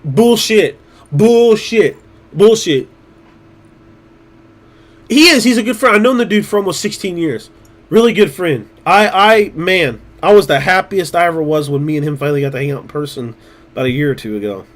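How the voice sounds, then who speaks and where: A man's voice: sits high, animated, normal speed. A man chatting casually on his livestream, blunt and profane, rambling with restarts. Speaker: streamer.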